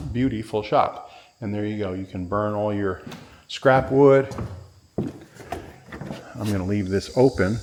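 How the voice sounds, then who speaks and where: A man's voice: fairly low pitch, background noise. A man giving a casual walkthrough of a workshop barn as a real estate agent, rattling off tools like an auctioneer. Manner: rambling, listing tools like an auctioneer.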